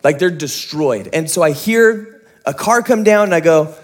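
A young adult man preaching a sermon in a conversational, self-mocking storytelling way, with quick asides. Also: a little high. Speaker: pastor.

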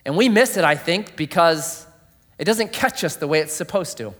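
A man preaching a sermon, telling a story dramatically, dropping to a hush and rising loud. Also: fairly high pitch, animated, normal speed. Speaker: pastor. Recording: long hall reverb.

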